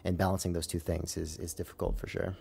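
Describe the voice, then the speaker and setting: Young adult man, low voice, podcast co-host, casual chat, easygoing, laughs a lot. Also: level tone, fast talker, creaky, dark tone, slightly rough. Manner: laid-back, laughs often, fillers.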